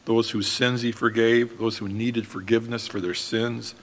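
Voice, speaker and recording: A man preaching a sermon as pastor, in an earnest, steady manner. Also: medium pitch, normal speed, long reverb tail.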